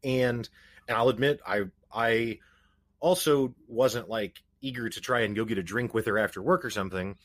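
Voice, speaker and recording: A man's voice: medium pitch, moderate pace, no room sound. A man hosting a podcast, talking casually in a hesitant, rambling way with many restarts. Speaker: podcast host. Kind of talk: casual conversation.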